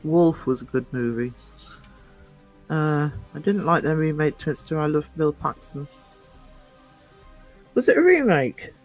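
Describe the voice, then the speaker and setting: A man's voice: on the high side, lively intonation, unhurried, pauses often, faint music behind, poor audio. A man chatting casually, telling rambling anecdotes with many fillers and restarts. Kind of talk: casual chat.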